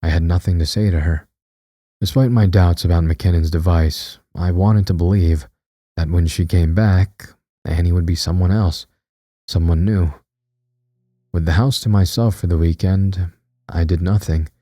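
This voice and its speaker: A man's voice: deep voice, steady tone, normal speed, mellow, dry recording, studio quality. A man narrating a scripted horror story in a tense, dramatic way.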